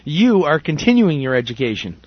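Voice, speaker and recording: A man's voice: fairly high pitch, big pitch swings, brisk, breathy edge, no room sound. A man hosting a casual podcast interview, teasing his guest with jokes. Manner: joking, teasing. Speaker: podcast host. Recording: dull lo-fi sound, dry.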